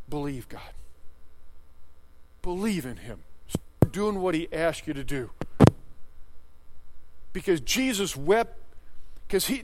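A man in his sixties preaching a sermon, emphatic, firing rhetorical questions and swinging between loud and hushed. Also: high-pitched. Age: 60s. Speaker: pastor.

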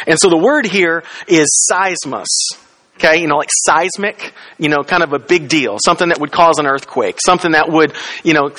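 A man preaching a sermon in a conversational way, often asking the listeners questions and acting out quoted lines. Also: bright, forceful tone. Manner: conversational, asks the congregation questions; acts out quoted lines with rising pitch. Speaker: pastor.

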